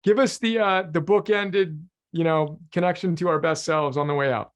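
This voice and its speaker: A man's voice: a little high, moderate pace. A man hosting a live online chat, effusive and full of thanks. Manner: effusive, warm sign-offs. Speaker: host.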